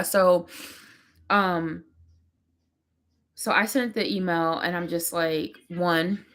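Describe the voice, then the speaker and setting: A young woman chatting to camera as she does her makeup, telling a story about her son with lively quotes. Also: on the low side. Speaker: vlogger, mother. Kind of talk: casual chat to camera. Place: home.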